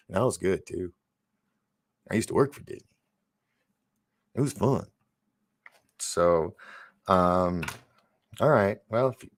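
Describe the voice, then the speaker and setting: A man with a low, gravelly voice hosts a casual livestream and reads viewer comments aloud. He rambles, trails off mid-thought and restarts, with gasps and chuckles between remarks. The sound is dry, with no room echo. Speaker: livestream host.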